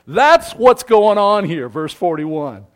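Animated storytelling male pastor. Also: high-pitched, slow pace. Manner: animated storytelling, acts out quoted voices. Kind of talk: sermon.

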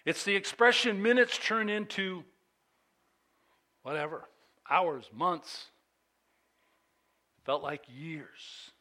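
Male pastor, sermon delivery, slow and bright-toned, swells when reading scripture. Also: high voice. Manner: reads scripture with rising intensity, conversational asides to congregation.

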